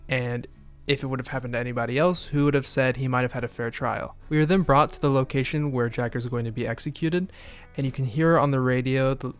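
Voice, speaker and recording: A man in a casual spoken recap of a TV episode, talking in a flat, monotone way and sometimes restarting his phrases. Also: mid-range voice, clean tone. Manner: monotone delivery. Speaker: video essayist recapping a TV episode.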